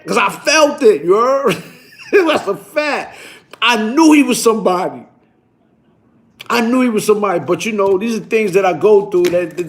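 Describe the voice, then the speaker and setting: A man telling a story on his vlog in an animated, boastful way, full of slang and repeated phrases. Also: high voice. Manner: slang-heavy, repetitive, boastful.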